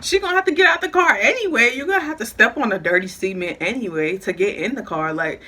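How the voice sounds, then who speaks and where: A young woman vlogger telling a casual storytime, animated and laughing through it. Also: on the high side, fast talker, a little hiss or hum.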